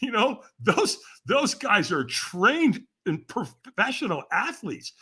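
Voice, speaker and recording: An older man, a podcast guest, telling stories in a casual interview, animated and often laughing as he talks. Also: sits high, slow, slightly rough.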